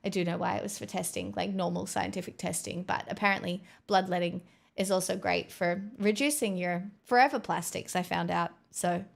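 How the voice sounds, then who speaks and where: A woman's voice: on the low side, steady tone, fairly quick, gravelly. A woman livestreamer chatting casually on a headset mic, bubbly and rambling with self-mocking jokes.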